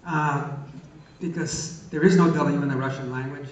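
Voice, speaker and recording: A man's voice: fairly high pitch, steady tone, normal speed. An older man answering questions at a live Q&A, a wry, teasing storyteller who often hesitates. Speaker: guest answering audience questions. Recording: echoey hall, far from the mic, dull sound.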